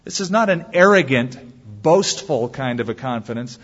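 A man, a pastor, preaching a sermon and telling stories, acting out quoted lines with lively shifts. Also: medium pitch, normal speed. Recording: dull sound with long hall reverb.

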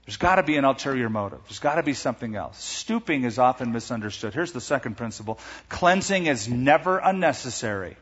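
Lively man preaching in a hall. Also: mid-range voice, husky, muffled recording. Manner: animated, acts out quoted voices. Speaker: pastor. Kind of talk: sermon.

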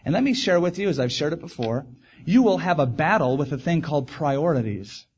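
A man's voice: on the high side, lively intonation, a little fast, darkish tone, breathy edge, lo-fi sound. A male pastor preaching a sermon in an earnest, emphatic way, repeating key phrases.

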